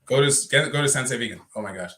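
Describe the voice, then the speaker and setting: A man's voice: medium pitch, very fast, a bit bright. A man co-hosting a casual livestream, chatty and loose, often breaking into laughter. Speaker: livestream co-host.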